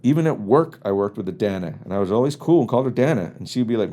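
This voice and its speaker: Working solo from a home studio in Los Angeles, this podcast host speaks in a fairly low, mellow male voice. Raised on the US East Coast, he delivers a casual comedic monologue full of rambling, wry stories and mock exasperation, keeping things loose and relaxed. He's animated and fast, barely stopping to pause.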